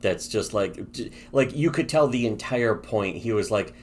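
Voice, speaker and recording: A man's voice: fairly low pitch, animated, normal speed, hardly any pauses, darkish tone, a little hiss or hum. A man co-hosting a podcast, chatting casually and sarcastically about webcomics, rambling and swearing a lot. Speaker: podcast co-host reviewing webcomics. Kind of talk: casual profane podcast chat.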